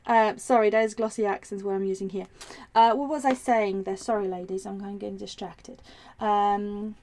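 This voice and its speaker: A woman's voice: medium pitch, steady tone, moderate pace, hardly any pauses, a little mellow. Rambling, chatty woman crafter live-streaming. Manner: chatty, rambling, easily distracted, with many ums and restarts; reads viewer comments aloud while working. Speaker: craft workshop host.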